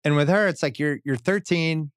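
A middle-aged man co-hosting a podcast, talking in a relaxed, wry, conversational way. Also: a little high, normal speed, smooth, no room sound, clean studio sound. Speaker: podcast co-host. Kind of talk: casual chat and read ad.

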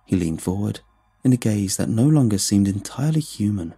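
A man narrating a scripted horror story in a steady, measured way. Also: on the low side, husky, soft background music.

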